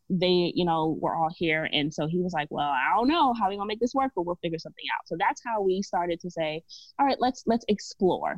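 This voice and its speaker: A woman talks candidly as a podcast guest. Her voice sits a bit low and she laughs easily. The sound is dry and slightly dull, as on a lo-fi recording. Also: no room sound. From Brooklyn, New York. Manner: candid, chatty storytelling with frequent laughs. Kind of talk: casual podcast conversation.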